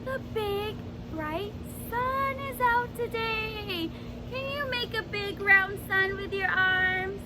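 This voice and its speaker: A Canadian woman leading a children's program outdoors, singing hello songs and giving slow, clear, encouraging instructions for toddlers. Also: very high-pitched, very noisy. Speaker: early years program facilitator. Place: outdoors in a backyard.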